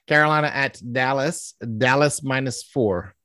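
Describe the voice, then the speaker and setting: A man in a casual sports chat, quick and teasing. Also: mid-range voice, pushed and bright, no echo, clean studio sound. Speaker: regular panelist.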